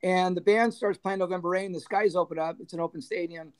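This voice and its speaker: High-voiced man telling wild stories. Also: brisk. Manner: animated storyteller who laughs often and acts out quoted dialogue. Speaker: former band manager, interview guest. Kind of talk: casual storytelling interview.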